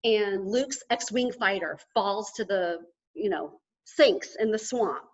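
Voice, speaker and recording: A woman giving an energetic motivational talk to a live audience, emphatic and often checking in with "okay?". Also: medium pitch, slow, dull audio. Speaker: motivational speaker at a sales event.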